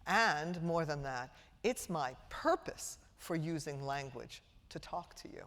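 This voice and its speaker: A woman's voice: low-pitched, expressive, slow, fairly bright tone. A middle-aged woman from Brooklyn lecturing parents as a speech-language pathologist, theatrical and playful, asking the audience questions. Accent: trained-out Brooklyn New York. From Brooklyn, New York. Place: large auditorium before a live audience. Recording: lecture hall with long reverb.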